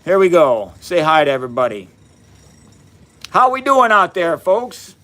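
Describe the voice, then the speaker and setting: This fifties-aged man runs a science livestream from his basement, talking with his live audience in a sing-song, fairly bright voice that sits slightly high for a man. He greets and thanks viewers individually in a cheerful, homespun way, throwing out brief side comments.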